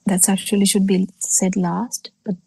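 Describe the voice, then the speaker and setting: Woman, Buddhist teacher, husky, mellow, unhurried, half-whispered phrases, dry close sound. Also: mid-range voice, flat delivery, no echo, low-quality recording. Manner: halting, many pauses and fillers, drops into soft breathy half-whispers. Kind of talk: slow spoken dharma talk on a video call. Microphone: video call.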